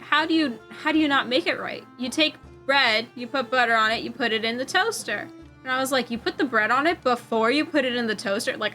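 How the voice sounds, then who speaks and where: A young woman streamer chatting casually while crocheting, telling a rambling story, swearing freely and getting animated when she quotes people. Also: a little high.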